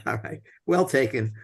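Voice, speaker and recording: A man's voice: mid-range voice, expressive, slow, gravelly, husky. Man casually retelling film scenes. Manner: retells scenes with many fillers and restarts. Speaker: film discussion host.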